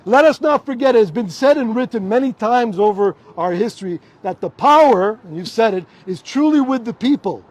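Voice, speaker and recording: Canadian man, middle-aged, high voice, fervent rally speaker outdoors, repeats slogans. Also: animated, fairly quick, few pauses, a little mellow. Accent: Canadian English. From Toronto, Canada. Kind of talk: public protest speech. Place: outdoors in front of a hospital.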